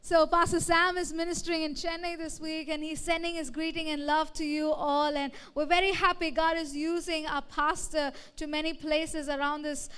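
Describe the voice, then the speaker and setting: A woman pastor preaching a sermon, lively, calling out to the congregation for amens. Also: sits high, moderate pace, few pauses. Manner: lively preaching with call-and-response.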